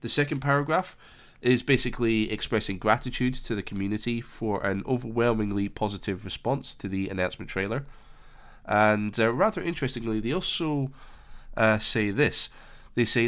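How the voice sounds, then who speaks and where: A flight sim commentator gives casual remarks on a game announcement, sounding hesitant, with many fillers and restarts. He has a fairly low, slightly bright voice at a normal pace.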